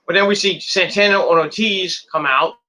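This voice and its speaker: A man's voice: sits high, normal speed, pushed and bright. A man casually recapping a wrestling match move by move, rambling and repeating words as he goes. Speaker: wrestling show reviewer.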